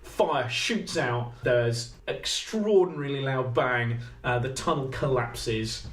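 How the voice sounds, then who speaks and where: A man's voice: medium pitch, takes it slowly, fairly bright tone. A man narrating as game master of a tabletop game, chatty and laughing between lines. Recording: roomy echo, faint noise.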